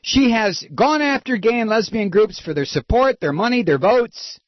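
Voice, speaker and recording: Husky male talk-radio host, lively and sarcastic, dry dull studio sound. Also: high-pitched, moderate pace, no echo. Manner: animated, sarcastic, mimics politicians. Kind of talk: political talk radio monologue.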